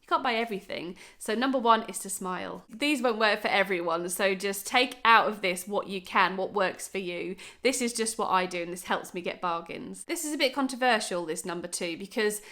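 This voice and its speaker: A woman's voice: medium pitch, brisk, hardly any pauses, pushed and bright. A woman in her thirties with a Norfolk accent, chatting bubbly to camera with lots of "right" and "um". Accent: Norfolk English. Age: 30s. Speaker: vlogger. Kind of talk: casual chat to camera.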